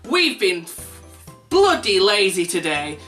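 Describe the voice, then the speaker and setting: A young man telling a self-mocking anecdote for his vlog, animated and laughing at his own jokes. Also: sits high, slow. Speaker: vlogger. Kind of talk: casual anecdote storytelling. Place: indoors at home. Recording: distant mic with faint background music.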